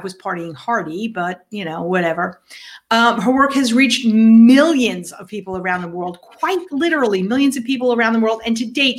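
A woman's voice: on the high side, a bit bright. Bubbly woman co-hosting a podcast. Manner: playful, bubbly, teasing asides. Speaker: podcast co-host. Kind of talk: casual show hosting.

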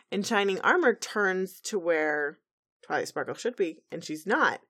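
Woman, podcast co-host, casual recap, animated, giggly. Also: lowish voice, moderate pace.

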